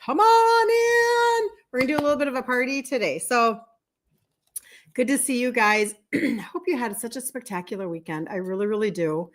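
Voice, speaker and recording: A woman's voice: fairly high pitch, brisk, a bit bright. A woman in her fifties with a Minnesota accent, hosting a casual livestream as a health coach and greeting viewers by name. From Minnesota, USA. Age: 50s. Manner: chatty, repeats words, greets viewers by name. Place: indoor room with balloons behind her.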